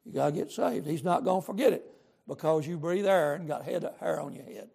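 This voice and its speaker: A man's voice: on the high side, a little fast, vocal fry, mellow, husky. A man preaching a sermon, fervent and emphatic, repeating lines for stress and using folksy grammar.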